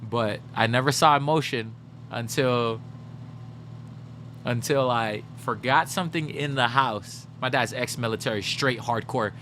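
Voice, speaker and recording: A man's voice: mid-range voice, a little slow, a little hiss or hum. A man streaming a video game, telling stories animatedly and swearing, talking straight to his chat and answering their messages. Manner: animated storyteller, swears, addresses chat directly. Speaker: gaming livestreamer. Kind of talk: casual livestream chat.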